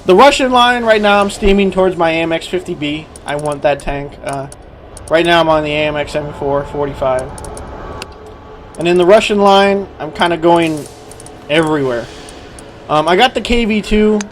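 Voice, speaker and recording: Young male gaming host, casual profane rant, heated outbursts, slightly high pitch, faint background noise. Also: normal speed. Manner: profane, ranting, gets loud and heated. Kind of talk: casual ranting vlog.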